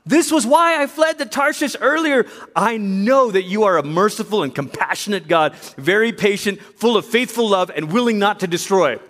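A preacher acting out an indignant complaining prophet. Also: male voice, high voice, lively intonation, normal speed, hardly any pauses, fairly bright tone, long reverb tail, pitched above the performer's own voice. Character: exasperated male prophet complaining to God.

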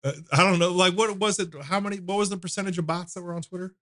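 A man's voice: sits high, fairly even intonation, quick pace, fairly bright tone. A man in his thirties, a donut shop owner, talking casually as a podcast guest with loose storytelling full of fillers and restarts. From United States. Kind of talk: casual conversation.

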